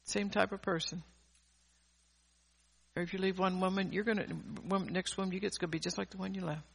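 A woman's voice: mid-range voice, steady tone, brisk, vocal fry, slightly rough. An older woman preaching an earnest sermon, often repeating and restarting her phrases.

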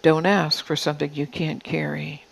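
A woman's voice: low voice, level tone, moderate pace, vocal fry, slightly rough, poor audio. A woman preacher delivering a prophetic sermon in God's voice, pressing her listeners with repeated questions. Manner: insistent repeated rhetorical questions.

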